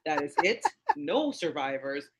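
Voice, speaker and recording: A woman in her thirties, a comedian guest telling a story in casual chat, animated and acting out quotes in a raised voice. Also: low-pitched, a little slow, heavy background noise.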